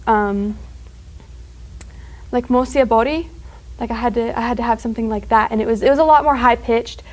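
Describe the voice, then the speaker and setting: On a rough recording, a teen girl with a slightly high voice chats casually as a student guest. Her talk wanders, packed with fillers and small bursts of laughter.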